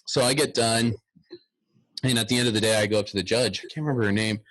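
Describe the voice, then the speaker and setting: A man's voice: fairly low pitch, fast, a bit bright, no room sound. A man in his thirties, a guest bagpiper, chatting animatedly in a podcast interview and humming tunes aloud.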